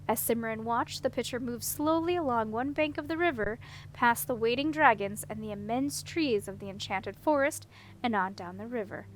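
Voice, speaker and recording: A woman narrating a fantasy children's novel as an audiobook reader, steady and even. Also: on the high side, moderate pace, slight background noise, rough recording. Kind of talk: storybook narration.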